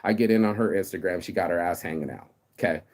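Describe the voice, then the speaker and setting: Profane, rambling man with a low voice. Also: quick pace. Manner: profane, digressive, animated with sudden loud outbursts; stammers and repeats words. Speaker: vlogger. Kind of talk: rambling motivational monologue.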